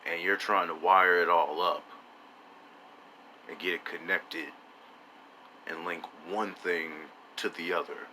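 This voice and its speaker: Speaking slowly with long pauses, this gameplay commentator has a low, fairly even voice and drifts through absurd musings packed with rhetorical questions, at times whispering. Loud background music plays under him, and the poor audio carries a slight hiss or hum.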